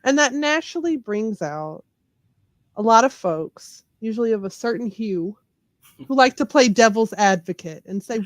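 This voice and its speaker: She's a podcast guest from Memphis, a lawyer and comedian, with a fairly high, expressive voice at moderate pace in a dry recording. Her casual interview talk is frank and emphatic, delivered in a heavy Southern accent.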